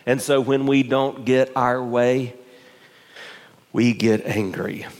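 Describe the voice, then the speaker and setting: A male pastor preaches to his congregation, building intensity through rhetorical questions. His mid-range voice is steady, slow and a little mellow, echoing with long hall reverb.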